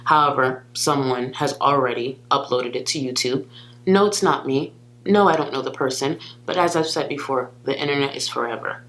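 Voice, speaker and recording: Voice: mid-range voice, moderate pace, fairly bright tone. A commentary youtuber delivering a scripted call-out video, speaking firmly and accusingly and addressing the target directly.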